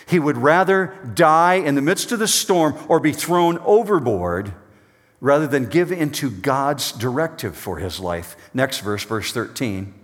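A man preaches a sermon in a mid-range voice. He reads the scripture with loud, urgent drama and drops to quiet, low asides as he explains it. Each word trails a long reverb, as if spoken in a large hall. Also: expressive, unhurried. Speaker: pastor.

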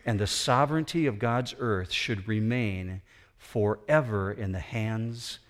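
Slow, dramatic male preacher. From United States. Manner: dramatic, builds to emphatic high peaks. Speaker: pastor. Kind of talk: sermon.

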